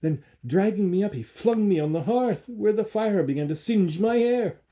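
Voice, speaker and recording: A man reading a classic horror tale aloud with an expressive, theatrical delivery. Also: high-pitched, normal speed.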